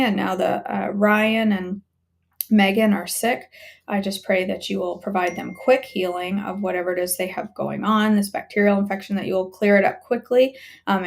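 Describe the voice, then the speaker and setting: A woman hosting a live devotional stream, praying aloud for friends with halting pauses, then chatting to viewers. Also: medium pitch, creaky. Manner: halting prayer with many ums and restarts, warm repeated thanks. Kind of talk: spoken prayer, then casual sign-off. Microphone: phone or webcam on a live stream.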